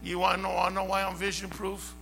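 A man preaches an impassioned sermon in a high, gravelly voice that swells into shouts. His tone is bright and forceful. The hall gives a long reverb, with faint music and hum behind him. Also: monotone, brisk. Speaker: pastor.

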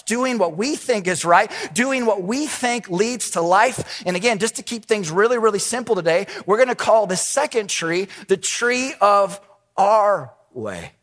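A middle-aged man preaching a sermon as pastor, animated, dropping to a hush and then rising to near shouts for emphasis. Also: high-pitched. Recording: long reverb of a large hall.

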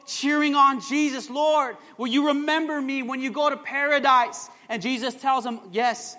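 High bright-voiced pastor in a reverberant hall. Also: male voice. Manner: energetic, calls to the crowd with "come on, somebody" and "all right?". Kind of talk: sermon. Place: church. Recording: long church hall reverb.

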